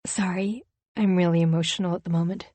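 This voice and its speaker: A woman narrator voicing a gushing, conspiratorial female best friend in an audiobook, speaking in a hushed, sympathetic way. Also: lowish voice, steady tone, fast talker, no echo, close to an everyday voice. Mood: confiding. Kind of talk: audiobook character voice.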